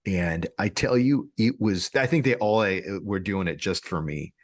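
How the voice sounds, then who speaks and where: A man co-hosting a podcast, telling a story in a casual, animated way, often laughing and restarting his sentences. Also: on the low side, normal speed, dry recording, clean studio sound. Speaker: podcast co-host.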